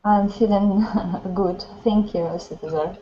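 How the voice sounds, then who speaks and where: A woman, a student in an online English class, speaking haltingly with many fillers. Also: mid-range voice, fairly even intonation. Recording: muffled online call with faint noise.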